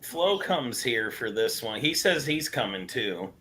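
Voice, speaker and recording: A joking man on a video call, his voice bright and forceful. He banters loosely with friends, over a faint hiss of background noise. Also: mid-range voice, big pitch swings, a little slow. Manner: joking, trying silly accents. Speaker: panelist. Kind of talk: casual chat.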